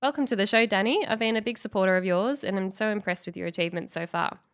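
Lady hosting a podcast, hoarse and nasal w a cold, smooth but gravelly. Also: mid-range voice, fast. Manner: formal, reading from notes. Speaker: podcast host. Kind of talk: scripted introduction.

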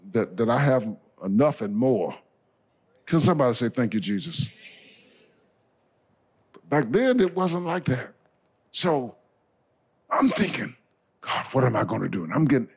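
Man, bishop, sermon, call-and-response, folksy, shouted climaxes, lively pitch. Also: a little slow, pauses often, slightly rough. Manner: call-and-response preaching, swings from soft asides to shouted climaxes; folksy, addresses the congregation as y'all and baby. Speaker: bishop preaching. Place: church sanctuary before a congregation.

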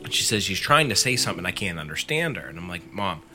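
A man's voice: low voice, very animated, fast, music in the background. A man casually retelling a scary story on a podcast, full of fillers and quoting the teller. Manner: filler-heavy, lots of "like", quotes the storyteller.

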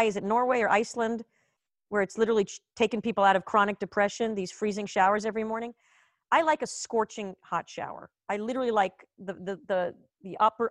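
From her home over a video call, an Israeli woman hosts a live online comedy show, rambling casually with profanity and self-mockery. Her mid-range voice comes through clean, studio-like, with no echo.

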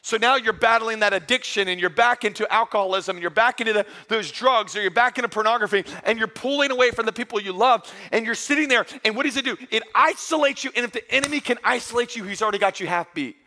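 A man's voice: very high voice, fast talker, hardly any pauses, pushed and bright. A middle-aged male pastor preaching a sermon in a church service, talking in an earnest, conversational way with frequent restarts and repeated words.

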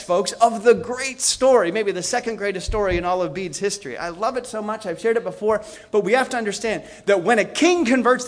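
A man lecturing on history, telling the story with energy and acting out the quoted lines. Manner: storytelling, acts out quotes with shifts in pitch.

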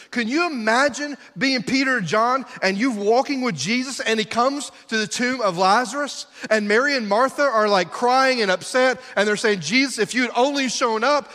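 A man's voice: very high-pitched, pushed and bright. A middle-aged male pastor preaching a sermon in a church, emphatic and full of rhetorical questions to the congregation. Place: church sanctuary. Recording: long hall reverb.

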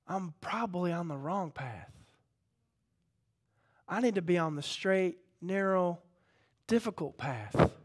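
A man preaching a sermon, impassioned, dropping to a hush and then rising loud as he calls out to the congregation. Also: high-pitched. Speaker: pastor.

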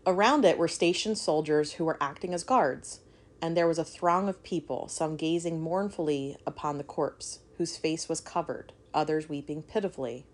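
Low-pitched woman reading a spooky history story on a podcast, stops to joke and curse. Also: normal speed. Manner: reads aloud then breaks off to joke and swear. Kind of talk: casual storytelling chat.

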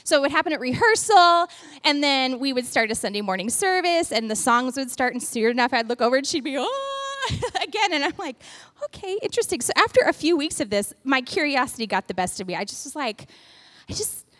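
A woman's voice: high voice, lively intonation, fairly quick, a bit bright. A woman who leads worship, telling a chatty story full of "like" that turns into an earnest devotional exhortation. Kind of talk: devotional talk.

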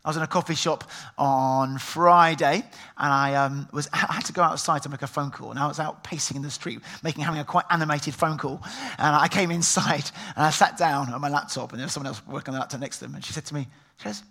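Man, middle-aged, sermon, bright clear voice, fairly high pitch, storytelling with acted-out quotes. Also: expressive, quick pace. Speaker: pastor.

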